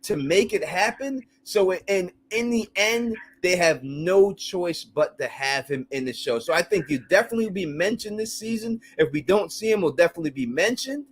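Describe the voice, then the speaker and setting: Male host for a live call-in show, high voice that jumps around a lot, crude and laughing; loose, animated delivery. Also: normal speed, few pauses. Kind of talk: casual call-in chat.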